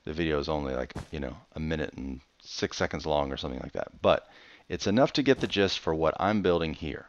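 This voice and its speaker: Young adult man, casual gameplay commentary, low and animated, dry dull home mic. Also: a little fast, no echo. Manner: chatty, rambling storyteller with playful outbursts. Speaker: Minecraft let's player. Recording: dull, slightly lo-fi dry recording.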